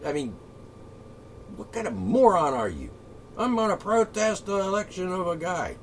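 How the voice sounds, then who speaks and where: A man delivering an angry, profane solo rant, sarcastic and swinging between shouting and muttering. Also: high-pitched, sing-song, normal speed, slight background noise. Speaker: political commentator.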